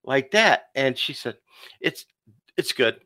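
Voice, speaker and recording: A man telling a personal story on a casual podcast, his pitch swinging widely as he acts out both sides of a conversation. His voice has a bright, forceful edge and sounds close and dry, with no room echo. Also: slow pace. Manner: animated storyteller acting out dialogue; addresses listener as "dude". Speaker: podcast guest.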